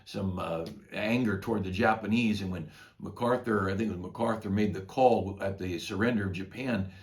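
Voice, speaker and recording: A man's voice: on the low side, normal speed. An older man, a pastor, retelling a Bible story in a folksy, conversational devotional talk.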